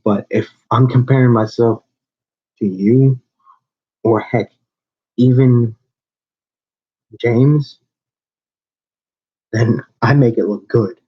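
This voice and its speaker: A man at a mid-range pitch delivering a combative call-out rant, rambling and restarting as he goes. The recording is dull and lo-fi, with the top end muffled. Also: slow pace, pauses often, husky. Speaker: owner of a small wrestling channel.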